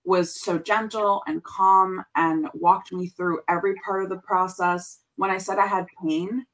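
A woman's voice: fairly low pitch, fairly even intonation, a little slow, a bit bright, poor audio. A woman guest in a casual podcast interview, telling a personal story earnestly with frequent restarts and repeated words.

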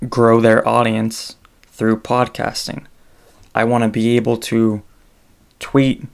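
A man's voice: mid-range voice, creaky. A man hosting his own podcast alone, talking in a casual, meandering way and correcting himself as he goes. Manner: meandering, self-correcting delivery. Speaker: solo podcaster.

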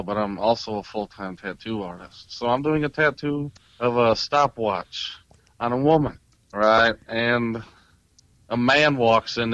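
Man, casual storyteller, excitable and animated, slightly dull lo-fi sound, dry room. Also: medium pitch, no room sound. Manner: animated, excitable retelling with many fillers. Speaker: podcast guest, paranormal investigator and tattoo artist.

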